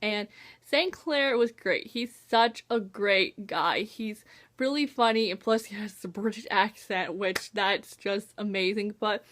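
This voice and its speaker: A woman reviewing a book on her vlog in a gushing, bubbly way, full of "like" and "oh my gosh", with lively swings in pitch and loudness. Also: unhurried.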